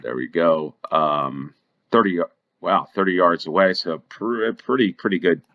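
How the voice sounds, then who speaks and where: Very deep-voiced man commentating a game. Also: a bit bright. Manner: thinks aloud, rambling with restarts. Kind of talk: casual play-along commentary.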